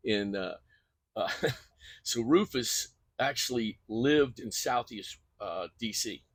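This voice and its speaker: An older man talks with earnest conviction, stacking up repeated phrases as he makes his point. His voice has a husky edge and sits close to a dry, unreverberant mic. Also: medium pitch, animated, takes it slowly, no echo. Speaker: guest coach. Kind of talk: conversational interview.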